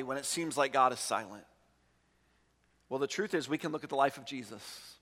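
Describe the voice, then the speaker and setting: A man preaching a sermon as pastor, earnest, slowing down to stress key words. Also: sits high, sharp tone, in a large hall. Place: church sanctuary.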